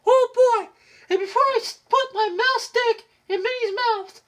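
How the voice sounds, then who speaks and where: A man's voice: extremely high pitch, unhurried, fairly bright tone, pitched above the performer's own voice. A man voicing a giddy, crude male cartoon mouse who giggles and squeals between lines.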